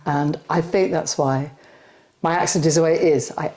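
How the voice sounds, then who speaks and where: An older woman from West London, speaking in an interview with a softened London accent, rounded vowels and a chatty manner that breaks into laughs. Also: low voice, steady tone, moderate pace. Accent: London English softened by elocution lessons. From West London, England. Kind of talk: casual interview talk.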